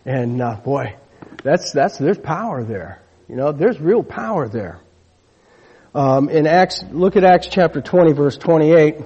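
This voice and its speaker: A man's voice: a little high, lively intonation, a little slow, dark tone, breathy edge. A man preaching a sermon in a conversational way, often restarting his sentences and calling on the congregation to repeat after him. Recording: dull lo-fi recording with long hall reverb.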